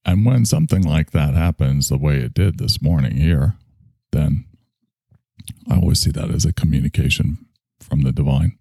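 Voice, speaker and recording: Deep gravelly man rambling on. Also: normal speed, dark tone, no echo. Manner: digressive, crude and joking, trails off. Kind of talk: rambling solo monologue.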